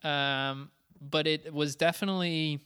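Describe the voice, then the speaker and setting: Halting young man, smooth voice. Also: fairly high pitch, steady tone, sharp tone. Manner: halting, thinks aloud with many fillers. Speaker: podcast co-host. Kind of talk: casual chat.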